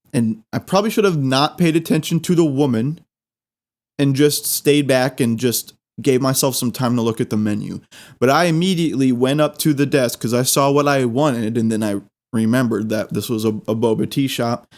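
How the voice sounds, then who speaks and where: A man hosting a podcast, telling a comic story in a rambling, excitable way and repeating words for laughs. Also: medium pitch. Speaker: podcast host. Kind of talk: comedic storytelling monologue.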